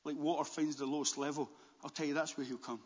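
A man preaching a sermon as pastor, animated, with stammered restarts and bursts near a shout. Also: on the high side, fast, husky. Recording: dull, long-echo church hall.

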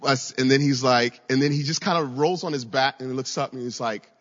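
A male preacher delivering a sermon in a storytelling way, repeating words as he builds and now and then lifting into a shout. His voice is mid-pitched and carries through a roomy hall with a long echo. The recording is dull and lo-fi. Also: fairly quick. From Virginia, USA. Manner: storytelling, with frequent stammered repeats and rising shouts. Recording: echoey hall, dull lo-fi sound.

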